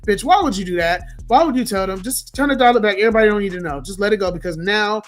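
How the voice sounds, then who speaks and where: A hoarse man, losing his voice, venting bluntly and profanely in a casual livestream rant. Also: sits high, quick pace, soft background music. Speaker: livestream host.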